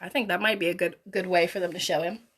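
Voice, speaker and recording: A woman hosting a live children's story reading, with chatty, animated asides to her young viewers. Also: on the low side, quick pace. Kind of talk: live read-aloud for children.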